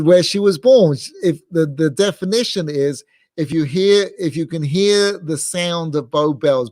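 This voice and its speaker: A middle-aged English rabbi gives a digressive, rambling lecture full of restarts and fillers, clearly amused by his own asides. His voice is on the high side and a little mellow, captured in a dry, clean studio recording.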